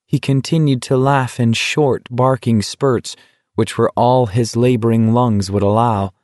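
A male audiobook narrator reading in a steady, measured storytelling voice. He takes his time over every line at an unhurried pace, with a mid-range pitch. The recording is dry and close, with no room sound. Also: no echo. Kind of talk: scripted narration.

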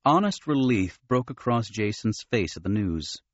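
A man narrating an audiobook with steady, expressive storytelling. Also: on the low side, moderate pace, no room sound. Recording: dull, dry studio recording.

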